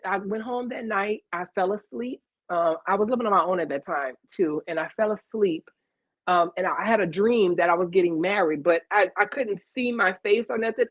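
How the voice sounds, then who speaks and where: A woman with a Louisiana accent and a medium-pitched voice tells a casual story as an interview guest on a video call, at a moderate pace. She's animated, acting out the quoted dialogue, though the dry recording has the dull, lo-fi sound of call audio.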